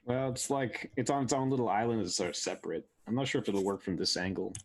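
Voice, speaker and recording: A man's voice: fairly low pitch, fast talker, slightly rough. A man playing in a tabletop game, talking casually in a hesitant, rambling way with many restarts. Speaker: player.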